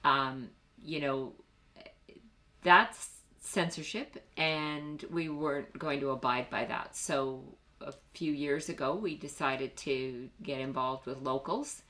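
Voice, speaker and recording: A woman's voice: a bass voice, slow, pushed and bright. A woman co-hosting a casual podcast, chatty, with many fillers. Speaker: podcast co-host.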